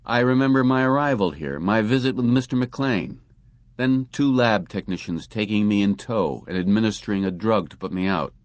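Male narrator as a sour, sardonic clerk man, lowish voice, dry close sound; audiobook. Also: lively intonation, moderate pace, no room sound, highs cut off, lightly acted. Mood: resentful. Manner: resentful, sardonic. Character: bitter, frustrated male office clerk.

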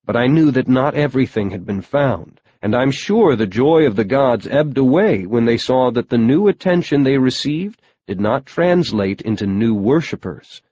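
A man's voice: mid-range voice, expressive, normal speed, hardly any pauses, dark tone, highs cut off. Man narrating a wry first-person audiobook.

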